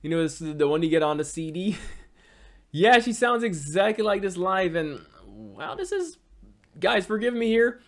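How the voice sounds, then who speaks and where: Excitable stammering man from the Caribbean. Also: high voice, moderate pace. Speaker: reaction channel host. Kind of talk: casual music reaction commentary.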